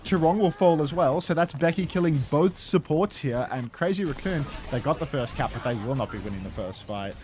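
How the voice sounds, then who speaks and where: A man calling esports play-by-play, teasing his co-caster and building excitement on big plays. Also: a little high, a little fast, hardly any pauses, faint music behind. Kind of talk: play-by-play commentary.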